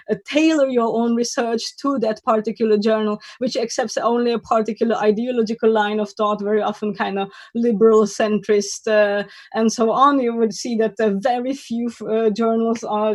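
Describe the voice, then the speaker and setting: A woman delivers a conference lecture in a voice pitched a little high. She talks in a halting, critical, wry way, full of fillers and restarts. The sound is dry, with no room echo. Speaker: conference speaker. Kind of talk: academic lecture. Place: online conference talk.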